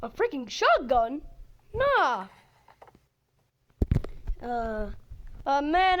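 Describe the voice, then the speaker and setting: Excitable woman narrating gameplay. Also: high voice, slow pace, long pauses, dull audio, slight background noise. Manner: excitable, swings between shouting and whispering. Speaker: game player.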